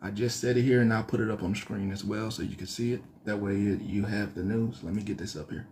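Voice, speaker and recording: A man's voice: fairly low pitch, steady tone, fast talker, few pauses, a little mellow, slight background noise. A man hosting his own casual news commentary, rambling and correcting himself as he works, with a slight twang. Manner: rambling, self-correcting, thinking aloud. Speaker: news show host.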